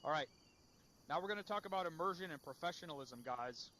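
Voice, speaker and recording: A man's voice: fairly high pitch, lively intonation, fast talker, bright, forceful tone, a little hiss or hum. A man leading a game unit's after-action debrief, blunt and profane as he scolds. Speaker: unit leader.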